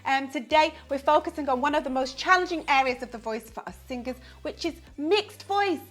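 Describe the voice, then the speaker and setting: High-voiced upbeat vocal coach woman. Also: brisk, a bit bright, soft background music. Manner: upbeat, explanatory, sprinkles "you know" and "um". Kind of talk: singing lesson to camera.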